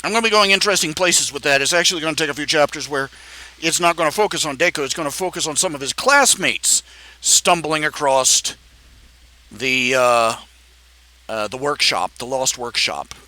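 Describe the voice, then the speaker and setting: Bright, joking male streamer. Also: fairly high pitch, normal speed. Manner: rambling, joking, puts on a made-up accent. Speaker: live streamer and comic artist. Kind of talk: casual live-stream chat.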